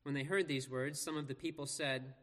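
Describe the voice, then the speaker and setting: A man preaching in an earnest, measured way, leaning on slow pauses for emphasis. His voice sits a little higher than most men's. The words ring out with the long reverb of a big church hall. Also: fairly even intonation, fairly bright tone. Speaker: pastor. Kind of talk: scripture reading and sermon.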